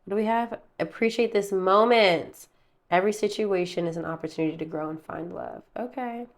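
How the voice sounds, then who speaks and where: A woman's voice: medium pitch, fairly quick. Chatty woman giving a tarot reading. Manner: chatty, rambling, calls viewers babe and baby. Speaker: tarot reader. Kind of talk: casual tarot reading to camera. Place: her room at home.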